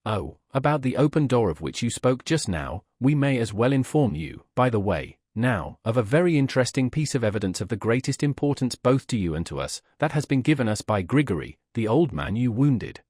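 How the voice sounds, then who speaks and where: A man reading the part of a prosecutor who sets out evidence in a measured, frigid, formal way. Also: mid-range voice, very animated, darkish tone, slightly rough, no echo, clean studio sound. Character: cold, composed male prosecutor, middle-aged official.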